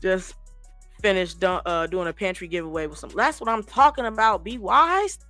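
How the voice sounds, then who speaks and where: A woman host telling childhood stories in casual chat, animated and profane, acting out other people's voices. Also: on the low side, a little fast, no room sound, faint music behind.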